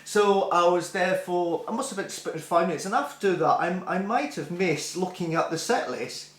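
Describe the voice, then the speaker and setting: A man's voice: sits high, normal speed, a bit bright, roomy sound. A middle-aged man telling a rambling, self-deprecating concert story with many restarts. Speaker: music vlogger. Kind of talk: casual storytelling.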